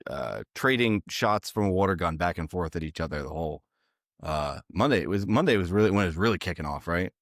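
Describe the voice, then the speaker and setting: A man's voice: low-pitched, expressive, a bit bright, no echo, studio quality. A man co-hosting a casual podcast chat, teasing his friends, with lots of fillers. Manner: teasing, halting with many fillers. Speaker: podcast co-host.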